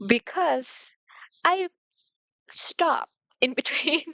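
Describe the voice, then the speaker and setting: A woman's voice: high voice, very slow, gravelly, over music. A young woman talking casually to her viewers, rambling and slangy with lots of "like", candid and confessional. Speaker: vlogger. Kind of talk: casual confessional chat to camera. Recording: slightly muffled, dry room.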